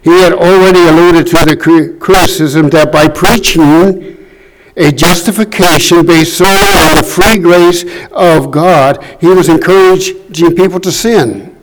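Slow, deliberate man preaching. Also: a little high, fairly even intonation, low-quality recording. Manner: slow, deliberate, reading scripture aloud. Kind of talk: sermon. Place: church room.

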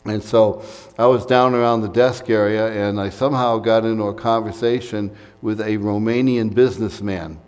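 A man's voice: fairly low pitch, fairly even intonation, normal speed, darkish tone, long reverb tail. An American man preaching a sermon in a conversational way, with fillers and asides, recorded in a church sanctuary. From United States. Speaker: pastor.

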